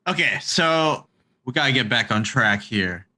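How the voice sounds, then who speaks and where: Bright-voiced man steering a casual chat. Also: medium pitch, expressive, unhurried. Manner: hesitant, full of fillers, steering the talk. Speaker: podcast co-host.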